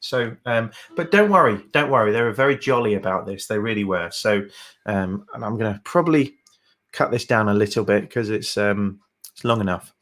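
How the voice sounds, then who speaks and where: A man's voice: lowish voice, expressive, moderate pace, a bit bright. A man co-hosting a folk music livestream, chatting casually with fillers and rambling asides. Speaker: livestream co-host and singer.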